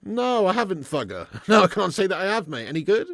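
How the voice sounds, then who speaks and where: A man's voice: high-pitched, very animated, fairly quick, a bit bright, no room sound, clean studio sound. A man hosting a live football watch-along, talking in sweary, laddish banter and laughing often as he commentates and chats with viewers. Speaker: live stream host.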